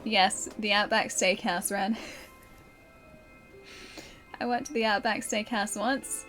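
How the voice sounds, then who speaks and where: A woman's voice: mid-range voice, steady tone, slow, fairly bright tone. Giggly woman streaming a game. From Australia. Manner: chatty, giggly, answers viewer chat. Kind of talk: casual live-stream chat while playing. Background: game music clearly audible.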